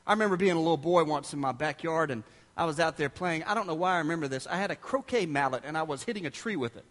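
Guy preaching a sermon, high voice, long echoey church hall. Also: quick pace. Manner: animated storytelling, acting out quotes.

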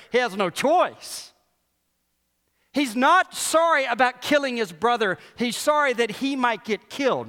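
Animated high-voiced pastor preaching. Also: male voice. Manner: animated, emphatic repetition, rhetorical questions. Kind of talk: sermon. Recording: long hall reverb.

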